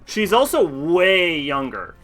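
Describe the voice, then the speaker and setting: A man's voice: on the high side, big pitch swings, slow, fairly bright tone, faint music behind. A man streaming a video game, chatting casually and telling rambling, profane stories. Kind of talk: casual chat while playing.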